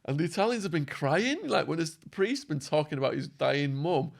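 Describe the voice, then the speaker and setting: A man telling prison stories as a podcast guest, acting out quotes and laughing, his voice going hoarse. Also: on the high side, normal speed. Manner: animated storyteller, acts out quotes, laughs. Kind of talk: storytelling interview.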